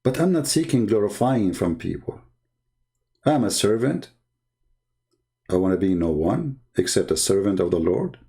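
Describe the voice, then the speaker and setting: A man's voice: expressive, normal speed, pauses often, dark tone. A man speaking as a Christian public speaker in an interview, earnest and emphatic, in non-native English phrasing. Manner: acts out quoted people with big pitch jumps. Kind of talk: interview talk.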